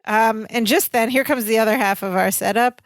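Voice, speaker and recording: A woman's voice: fairly high pitch, fairly even intonation, moderate pace, dry recording. A woman co-hosting a podcast, recapping a sitcom episode in casual, chatty storytelling with lots of fillers. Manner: chatty storytelling, many "like" fillers, giggles often. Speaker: podcast co-host.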